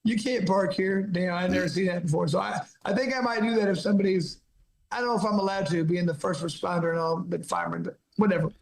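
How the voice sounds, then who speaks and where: A man's voice: high-pitched, fast talker, gravelly, a little hiss or hum. A man guest on a podcast, talking casually with a laid-back manner and stammered restarts. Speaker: fighter and guest.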